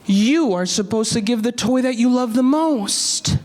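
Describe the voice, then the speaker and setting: A man voicing a gentle loving mother. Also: extremely high pitch, a little slow.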